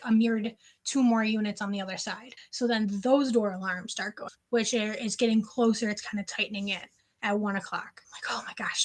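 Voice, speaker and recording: A woman sits as a guest on a podcast and tells a personal story in an animated, casual way. Her voice sits a bit higher than most, and "like" keeps popping into her sentences. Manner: animated, frequent "like" fillers.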